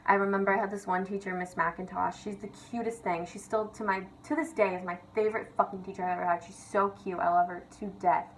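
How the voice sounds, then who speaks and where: A woman's voice: medium pitch, fairly even intonation, fast, few pauses, slight background noise, poor audio. A young woman vlogger rants casually and confessionally, chatty and sweary, leaning on "like" and "literally". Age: young adult.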